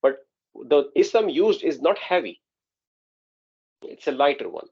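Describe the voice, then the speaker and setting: A man's voice: fairly high pitch, big pitch swings, a little slow, darkish tone, husky, muffled recording. A man teaching an Arabic grammar class online, explaining patiently and often checking that students follow.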